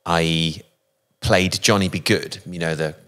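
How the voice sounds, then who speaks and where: A man from England, a guest musician in a casual interview, telling thoughtful anecdotes with frequent pauses and fillers. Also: deep voice, fairly even intonation, a bit bright. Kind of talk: casual interview, reflective storytelling.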